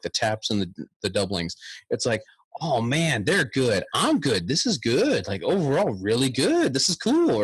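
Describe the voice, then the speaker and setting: Husky-voiced man telling lively stories. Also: on the low side, no room sound. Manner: animated storyteller, hums tunes aloud. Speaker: guest bagpiper. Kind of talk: casual podcast interview.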